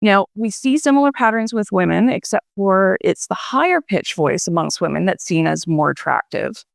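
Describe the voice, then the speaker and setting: Research guest, gravelly voice, dry close recording, explanatory. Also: medium pitch, animated, moderate pace, no echo. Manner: explanatory, with fillers and restarts.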